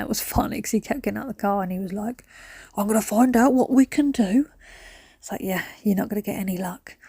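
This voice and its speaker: A woman's voice: medium pitch, creaky, a little mellow, no echo, studio quality. A woman, chatting through a cleaning vlog at home, rambling between stories and sudden whispered asides. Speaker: cleaning vlogger. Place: at home, indoors.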